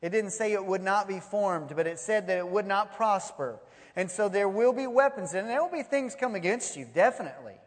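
A man preaching a sermon, telling stories in an animated way and acting out the voices. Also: high-pitched, brisk. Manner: animated storytelling, acts out voices. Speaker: pastor. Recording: long hall reverb.

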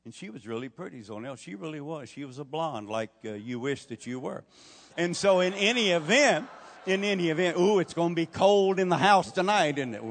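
Folksy older preacher in a hall. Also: male voice, fairly high pitch, lively intonation, fairly quick. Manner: folksy storytelling, rising to emphatic preaching. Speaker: pastor. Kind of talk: sermon. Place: church sanctuary. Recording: long hall reverb.

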